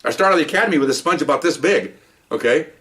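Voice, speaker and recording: Recorded far from the mic, this retired cop has a fairly high, expressive voice with a bright edge and talks quickly. His casual storytelling wanders, full of restarts and frequent tag-on "okay?"s.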